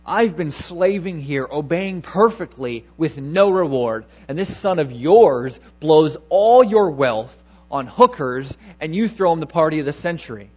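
A man's voice: a little high, expressive, a little slow, a little mellow, highs cut off. A man preaching a sermon, voicing a resentful older brother who complains bitterly.

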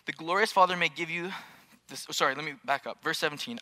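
A man's voice: on the high side, fast talker, bright, forceful tone. A man in his thirties preaching to a church congregation, with jokey storytelling and questions to the room. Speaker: pastor. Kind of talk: sermon. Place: church auditorium.

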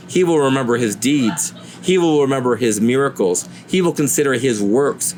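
A man's voice: expressive, moderate pace, darkish tone. Earnest male preacher, faint hiss. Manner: earnest, rises high when voicing pleading questions to God. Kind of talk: sermon.

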